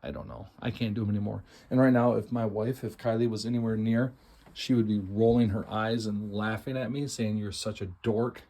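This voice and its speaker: Walking from room to room inside a house, a middle-aged man shows it off before an estate sale in a relaxed, eager way, chatting and joking at his own expense. His voice is lowish and mellow, a little fast, with fairly even intonation.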